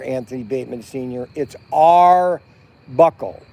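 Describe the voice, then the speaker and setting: Chatty middle-aged man, high voice. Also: animated, measured pace, darkish tone. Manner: rambling, chatty, many restarts and fillers. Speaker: vlog host. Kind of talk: casual livestream chat. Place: outdoors at a campground by a fire at night.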